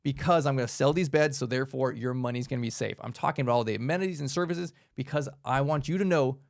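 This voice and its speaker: A man giving an energetic, conversational workshop talk, emphatic and upbeat as he presents to a group. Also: medium pitch, fast, creaky. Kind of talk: casual instructional talk.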